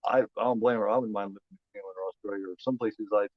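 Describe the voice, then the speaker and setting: A man's voice: fairly low pitch, steady tone, racing, no echo, dull audio. A man from Indiana with a Midwestern American accent, hosting a movie watch-along stream in loose casual chat, rambling and repeating his words. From United States.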